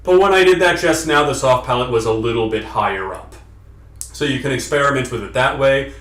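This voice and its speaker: A man's voice: mid-range voice, a bit bright, reverberant, far from the mic. A man explaining and demonstrating how to fix a nasal voice in an instructional vlog. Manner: explanatory, demonstrates vocal sounds. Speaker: voice coach.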